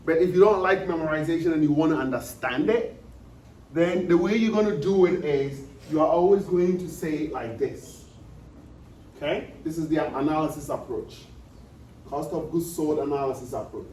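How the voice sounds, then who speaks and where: A man's voice: fairly high pitch, moderate pace, a little mellow. A man giving an accounting lecture, repeating key points and often checking that students follow. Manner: repetitive, checks understanding with questions. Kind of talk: classroom lecture. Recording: echoey room, distant mic, faint noise.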